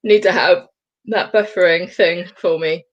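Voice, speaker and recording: A woman co-hosting a casual chat show, lively and self-mocking, laughing often. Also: lowish voice, a little slow, highs cut off. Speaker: co-host.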